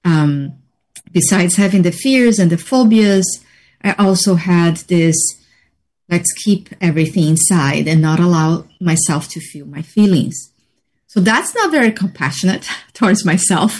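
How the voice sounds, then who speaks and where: Female interview guest, unhurried and reflective, measured delivery with many pauses. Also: fairly low pitch, lively intonation, a little mellow. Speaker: interview guest, healing practitioner. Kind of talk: personal story in conversation.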